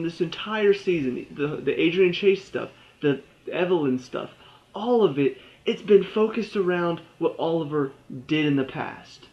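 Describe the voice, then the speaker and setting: Young male reviewer, sarcastic venting, slightly high voice, muffled home recording. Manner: exasperated, sarcastic, mocks characters in quoted voices. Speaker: TV episode reviewer. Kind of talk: ranting video review.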